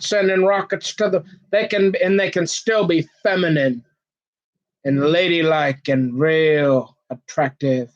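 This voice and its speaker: A man from Minnesota in a rambling, folksy comic rant, who keeps dropping into a mock-deep voice. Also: dull audio. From Minnesota, USA. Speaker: vlogger.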